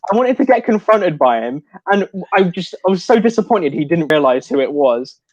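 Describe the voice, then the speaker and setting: A man's voice: fairly high pitch, sing-song, darkish tone, no echo, muffled recording. A man in a casual online chat who talks hesitantly, with restarts. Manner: hesitant, halting, many restarts. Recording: online call.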